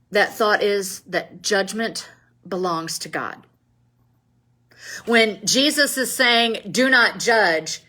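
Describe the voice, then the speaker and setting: A woman's voice: on the low side, bright, forceful tone, rough recording. A woman pastor giving a Lenten Bible study lesson, telling a story with dramatic emphasis.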